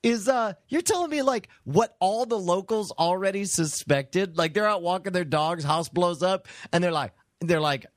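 A man's voice: high voice, lively intonation, normal speed, hardly any pauses, dry recording, clean studio sound. A man co-hosting a podcast in a casual, playful chat, riffing on the news. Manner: playful, riffs and slips into joke voices. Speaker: podcast co-host.

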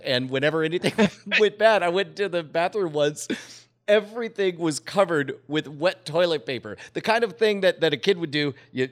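Halting, laughing storyteller man. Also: fairly high pitch. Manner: rambling, halting with many restarts and laughs. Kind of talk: casual storytelling chat.

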